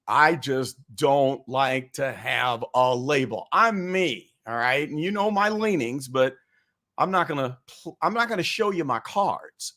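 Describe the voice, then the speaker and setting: A raspy-voiced man hosts a live political chat stream from home. He talks to his viewers in a folksy, upbeat way, his voice sitting a little high. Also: fairly bright tone. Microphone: webcam and computer mic.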